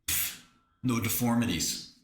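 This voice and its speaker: A man's voice: mid-range voice, a little slow, a little hiss or hum. A man hosting a casual livestream, mocking chat with sarcastic riffs and bursts of laughter. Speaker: livestream host.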